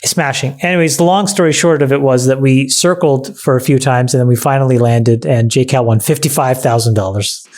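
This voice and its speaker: A man's voice: medium pitch, fairly quick, few pauses, darkish tone. A man co-hosting a podcast in casual chat, talking bluntly and swearing freely. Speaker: podcast co-host.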